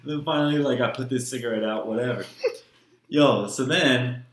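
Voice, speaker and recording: A man's voice: mid-range voice, moderate pace, echoey room, slight background noise. A young man hosting a podcast, telling a long story in casual chat, swearing often and wandering between tangents. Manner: profane, rambling storytelling. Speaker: podcast host.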